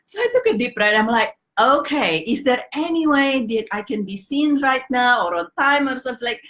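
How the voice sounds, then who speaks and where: A woman's voice: high voice, normal speed. A middle-aged woman vlogging, telling a personal story in a casual way, laughing often and acting out both sides of a conversation. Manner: animated, laughs often, acts out dialogue. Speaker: life coach vlogger.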